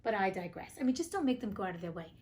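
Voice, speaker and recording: A woman's voice: medium pitch, very animated, very fast, a little mellow, slight background noise. A young woman hosting an audiobook podcast, reading a fairy tale with cheeky, profane side comments. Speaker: podcast host and audiobook reader. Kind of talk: casual storybook reading with asides.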